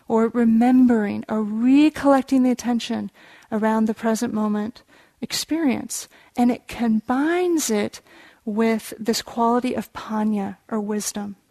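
Gentle woman meditation teacher, close and dry. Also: on the high side, no echo. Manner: gentle, unhurried storyteller; explains contemplative terms. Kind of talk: dharma talk storytelling.

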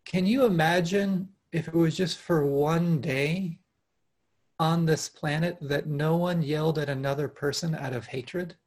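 This meditation teacher, speaking from home over a video call, delivers a heartfelt dharma talk to an online retreat at a measured pace. His voice is husky, a touch breathy and somewhat high for a man, and his lively, earnest manner includes frequent restarts and gentle laughter.

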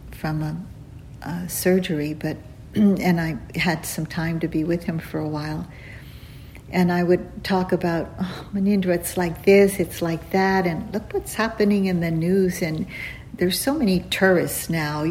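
Slow, gentle woman giving a dharma talk. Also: lowish voice, slight background noise, poor audio. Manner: slow, gentle, with frequent pauses and fillers; laughs softly while telling stories. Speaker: meditation teacher. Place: retreat center hall.

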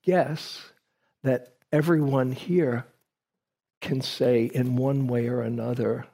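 A man with a husky, slightly breathy voice gives a dharma talk to a group. He talks slowly and reflectively, often restarting his sentences as he tells a personal story. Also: mid-range voice, fairly even intonation, mellow.

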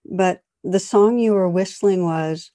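A woman's voice: lowish voice, slow, dark tone. A woman voicing a middle-aged female patient in a retold joke, her voice lightly raised and amused.

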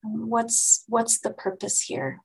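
Woman teaching meditation, slow gentle talk, bit of gravel in her voice, lots of pauses. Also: on the high side, poor audio. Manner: gentle, unhurried, with frequent restarts and pauses. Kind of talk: dharma talk.

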